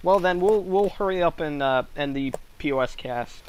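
Podcast host, male, deadpan banter, slightly high voice, faint hiss behind him. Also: normal speed, low-quality recording. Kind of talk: casual comedy podcast chat.

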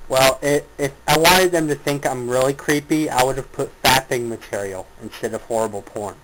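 A man's voice: mid-range voice, normal speed. A young man chatting over voice chat from a small bathroom at home, laughing often and joking crudely. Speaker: podcast guest. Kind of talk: casual voice chat. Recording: loud noisy voice chat mic, close.

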